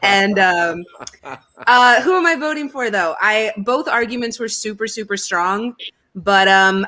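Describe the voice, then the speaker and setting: A woman judging a comedy debate, joking and animated. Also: medium pitch, measured pace. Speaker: panel judge.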